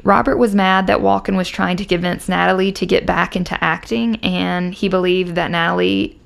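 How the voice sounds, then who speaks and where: Gravelly-voiced woman recounting a case. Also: fairly low pitch, steady tone, normal speed. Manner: reads case notes then jokes and riffs sarcastically. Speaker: true crime podcast co-host. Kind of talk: casual conversational storytelling.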